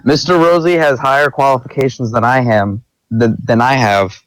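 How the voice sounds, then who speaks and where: A man with a middle-pitched voice plays an attorney general in a role-played parliamentary debate. He presses his case firmly and insistently, recorded dry and close. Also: fairly even intonation, normal speed, dry recording, poor audio. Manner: firm, insistent, defending a nominee. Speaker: attorney general in a mock senate session.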